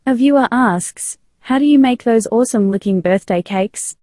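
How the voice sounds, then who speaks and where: A woman host delivering measured documentary-style narration and asking interview questions. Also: fairly high pitch, dark tone, no echo, studio quality.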